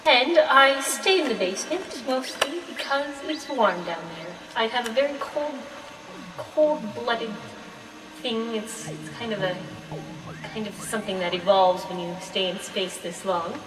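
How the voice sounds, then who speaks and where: A woman's voice: fairly high pitch, unhurried. A young woman on a silly kids' show, answering fan mail in a hesitant, rambling way. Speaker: co-host. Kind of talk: playful in-character chat. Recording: roomy, distant mic.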